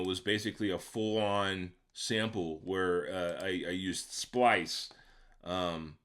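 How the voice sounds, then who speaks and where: A man with a somewhat low voice gives a casual walkthrough of how he produced a beat. He talks step by step with a few fillers and keeps checking in with the listener. He sounds like a home-studio producer recording a voice-over for his tutorial. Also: a bit bright. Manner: conversational, checks in with the viewer by asking "right?".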